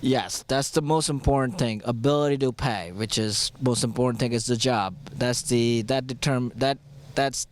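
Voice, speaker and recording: A man's voice: medium pitch, moderate pace, a little hiss or hum. A man working at a car dealership, answering in short, confident phrases outdoors on a lot. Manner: terse, confident replies, slightly broken phrasing.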